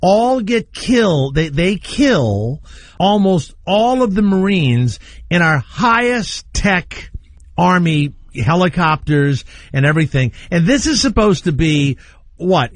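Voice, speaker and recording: A man's voice: on the high side, very animated, a little slow, no echo. A man hosting a radio talk show, bantering bluntly and teasing his co-host as he jumps between topics. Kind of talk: casual banter.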